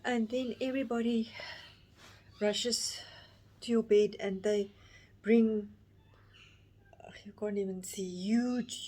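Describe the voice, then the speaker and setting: A woman in her fifties telling her own story to camera in a halting, emotional way, with many restarts. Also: mid-range voice, warm tone. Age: 50s. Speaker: vlogger. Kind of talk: personal storytelling.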